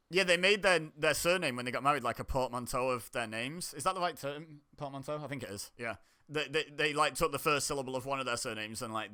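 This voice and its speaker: A man's voice: medium pitch, bright, forceful tone, clean tone. A British man hosting a casual chat over a call, rambling and laughing often. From United Kingdom. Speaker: host.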